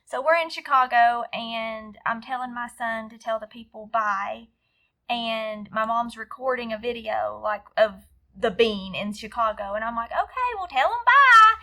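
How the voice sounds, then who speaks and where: A Southern American woman telling a story in a quick, animated, exasperated way. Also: fairly high pitch. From Southern United States. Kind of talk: casual storytelling.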